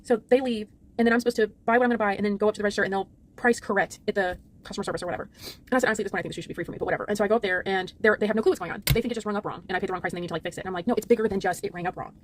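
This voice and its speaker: A middle-aged woman vlogger telling a story in a rapid, exasperated rant, frazzled and trying to hold it together. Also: medium pitch, steady tone, slight background noise.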